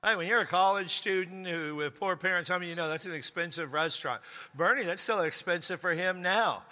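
High, bright-voiced pastor telling jokes. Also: male voice, fairly quick, long reverb tail. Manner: joking, exaggerated, bursts into shouts. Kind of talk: humorous sermon storytelling.

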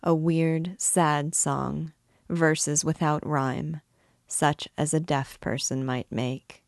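Woman narrator, low and unhurried, measured literary reading; dry close mic. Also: fairly even intonation, creaky, dry recording. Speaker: reader and guide of a book series. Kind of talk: literary read-aloud narration.

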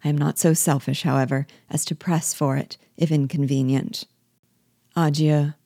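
A woman reading a classic novel aloud as a book guide, in a measured, clear storytelling manner. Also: deep voice, mellow, no room sound, studio quality.

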